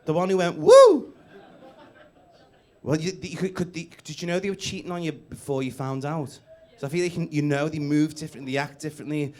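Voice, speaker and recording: A man's voice: a little high, fairly even intonation, fast talker, hardly any pauses. Brash Scouse man doing stand-up. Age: late 30s. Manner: brash, crude, teasing the audience. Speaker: stand-up comedian. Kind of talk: live stand-up with crowd work. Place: comedy club stage. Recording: live gig with loud crowd laughter. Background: audience laughing.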